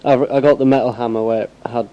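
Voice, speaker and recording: A man's voice: mid-range voice, steady tone, fast, mellow, dull audio, slight background noise. A young man from England co-hosting a casual podcast, chatting eagerly about music and gigs. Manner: eager, enthusiastic. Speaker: podcast co-host. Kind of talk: casual chat.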